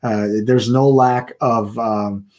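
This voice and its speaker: Man talking with halting restarts. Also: medium pitch, fairly even intonation, darkish tone. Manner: hesitant, many fillers and restarts. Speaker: co-host. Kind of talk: casual chat on a Christian broadcast.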